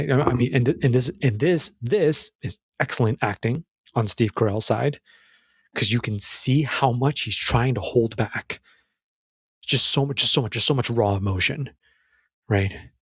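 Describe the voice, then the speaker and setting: A man's voice: mid-range voice, slightly rough, dry recording, clean studio sound. A man giving a casual, earnest commentary on a film scene, emphatic and full of restarts.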